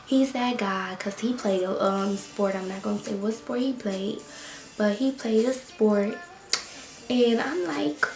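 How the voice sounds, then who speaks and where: A young woman vlogger telling a story time, animated and slangy with quick bursts of emphasis. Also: medium pitch, gravelly. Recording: roomy echo with faint music.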